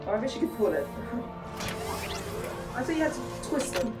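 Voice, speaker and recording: A woman playing a VR game who chats to herself in an excitable way, with many exclamations, recorded from a distance in an echoey room. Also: a little high, racing, music in the background. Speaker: gamer streamer.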